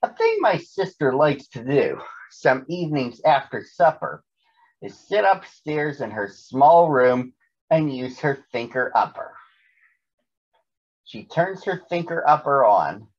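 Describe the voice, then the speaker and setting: A man voicing a young male cat, the big brother who narrates a rhyming storybook in a steady reading voice. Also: mid-range voice, slow pace, dull audio. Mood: calm.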